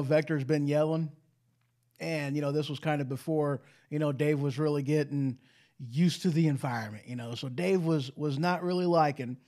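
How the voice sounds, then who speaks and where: A man's voice: fairly high pitch, darkish tone. A man hosting a live call-in show, chatting casually in a rambling way and saying "you know" constantly. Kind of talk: casual live-stream chat.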